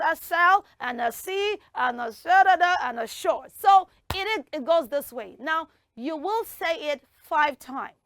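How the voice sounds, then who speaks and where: Bubbly high-voiced woman hosting for kids. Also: a bit bright, no room sound, studio quality. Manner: bubbly and encouraging, heaps praise on the children; draws words out slowly when teaching the tongue twister. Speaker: children's TV show host. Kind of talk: lively hosting of a kids' quiz in front of a school audience.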